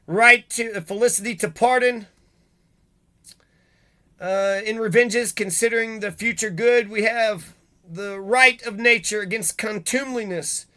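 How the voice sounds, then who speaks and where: Male commentator, high and bright, angry profane monologue host. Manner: profane, heated, swings between reading and ranting.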